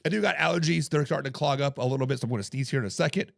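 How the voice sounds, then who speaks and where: A man hosting a casual live-streamed sports talk show, hoarse from coaching, chatting with viewers in the chat. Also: mid-range voice, very fast, dry recording, clean studio sound. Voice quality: gravelly. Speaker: podcast host.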